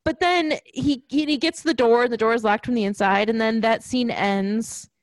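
Chatty higher-voiced woman retelling scenes. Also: normal speed, dry recording. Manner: chatty, retells scenes with quoted lines, frequent restarts. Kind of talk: casual movie discussion.

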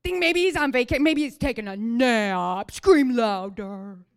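A woman voicing a bold, scornful old male prophet, loud and taunting, within a sermon. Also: very high-pitched, measured pace, smooth.

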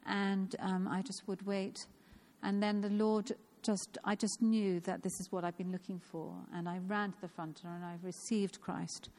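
A woman's voice: mid-range voice, flat delivery, unhurried, hardly any pauses, darkish tone. A woman of fifty giving an informal, personal sermon in a church, earnest and repeating phrases for emphasis. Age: 50s. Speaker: church speaker.

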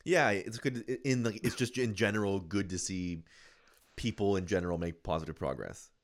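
Co-host, male, relaxed and agreeable, somewhat low voice. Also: normal speed. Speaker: podcast co-host. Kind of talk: casual chat.

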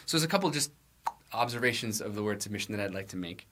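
Lively, bright-voiced male pastor preaching. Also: fairly low pitch, fast talker. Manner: conversational, self-deprecating, frequent restarts and light laughs. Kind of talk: sermon.

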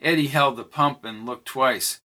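A man's voice: unhurried, bright, forceful tone. A man reading a novel aloud as narrator, raising his voice for the characters' lines. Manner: reads dialogue with lifted pitch for characters. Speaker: audiobook narrator.

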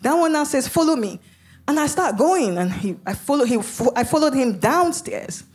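A woman's voice: high-pitched, animated, moderate pace, darkish tone. A woman preacher telling her testimony in a sermon, dramatic and vivid, with sudden emphatic bursts. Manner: speaks in tongues.

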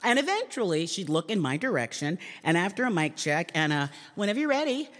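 A woman comedian giving a talk, telling a wry, self-deprecating story to a live audience with lively jumps in pitch. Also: brisk. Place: large public hall. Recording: long reverb in a large hall.

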